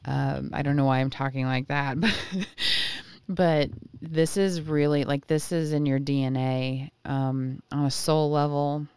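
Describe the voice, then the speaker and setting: A woman's voice: deep voice, steady tone, measured pace, darkish tone, smooth, no room sound. A woman giving a casual intuitive tarot reading, chatty and often searching for words. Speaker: tarot reader.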